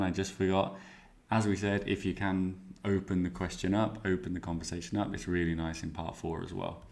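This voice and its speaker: A man teaching exam speaking skills, explaining clearly and giving worked example answers. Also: low voice, darkish tone.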